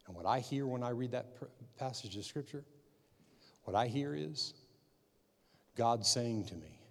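A male pastor preaching a sermon, repeating his points with emphasis and building to loud, forceful stretches. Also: mid-range voice, expressive, moderate pace, pauses often. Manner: preaching with emphatic repetition, rising loud at climaxes. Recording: long hall reverb.

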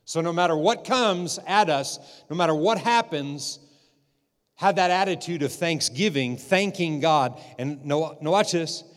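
A man preaches from the pulpit, repeating his phrases and calling out for amens. His voice sits a little high for a man. It rings out with a long reverb in the church. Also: unhurried. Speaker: pastor. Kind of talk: sermon. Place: church sanctuary.

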